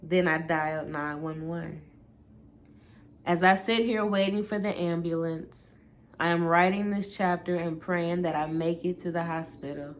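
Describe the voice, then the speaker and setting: A woman reading a first-person memoir aloud for her book channel, steady and unhurried. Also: fairly low pitch. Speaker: booktuber.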